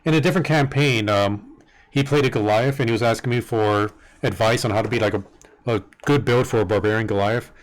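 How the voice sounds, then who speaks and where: A man running a tabletop game as its master, patiently explaining character rules with halting restarts over a home voice-chat mic. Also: on the low side. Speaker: dungeon master. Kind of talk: casual game-setup chat on a live stream.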